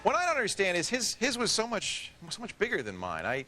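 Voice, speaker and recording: A man's voice: high voice, fast. A man hosting a live TV tech show, joking around with guests in costume. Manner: joking, playful, animated. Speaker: TV show host. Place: TV studio. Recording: noisy TV studio.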